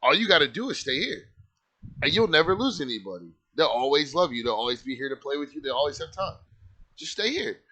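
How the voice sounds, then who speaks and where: A man voicing a pale male stranger dressed in black, speaking in a slow, coaxing and persuasive way while telling a story. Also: fairly high pitch, very animated, bright, forceful tone, full character voice.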